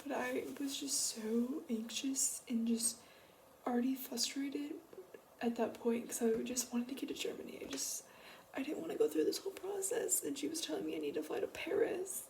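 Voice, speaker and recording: A woman's voice: sits high, normal speed, gravelly, a little mellow, in a whisper. A teenage girl vlogging a casual storytime, rambling with lots of swearing and restarts. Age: teens. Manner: rambling, swears a lot, many restarts and fillers.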